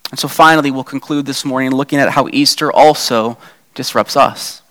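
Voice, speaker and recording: A man's voice: medium pitch, fairly even intonation, moderate pace, fairly bright tone. A man preaching a sermon in a conversational way, asking the congregation rhetorical questions and acting out quoted lines. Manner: acts out quoted lines with a raised voice. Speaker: pastor.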